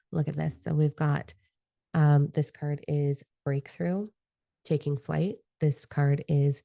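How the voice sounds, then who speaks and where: A woman with a deep, warm voice and vocal fry, recorded with no room sound, gives a spiritual energy forecast using tarot cards. Her monologue is fervent, rambling and profane, and she admits getting carried away.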